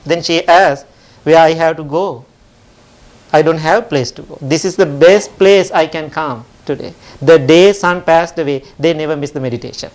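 A man teaching at a temple, telling a parable in a gentle storytelling sermon with simple phrasing. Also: fairly high pitch, moderate pace.

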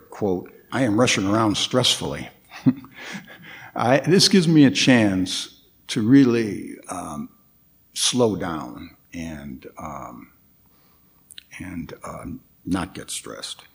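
A man giving a guest dharma talk at a Buddhist temple, speaking reflectively and haltingly, with frequent fillers and restarts, and putting questions to his listeners. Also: on the low side, expressive. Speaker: guest meditation teacher.

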